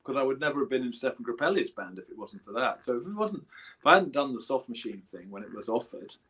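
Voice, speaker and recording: A man's voice: mid-range voice, expressive, fast talker, fairly bright tone, breathy edge, rough recording. A man in his seventies with an English accent, a guest musician telling rambling anecdotes and correcting himself as he goes. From England. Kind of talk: casual storytelling interview.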